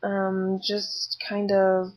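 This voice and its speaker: A woman's voice: mid-range voice, completely flat delivery, drawn-out words, darkish tone, rough recording. A young woman in her twenties, tired and candid, chatting in a pregnancy vlog recorded on a laptop webcam. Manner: chatty and candid, lots of fillers and asides. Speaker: vlogger.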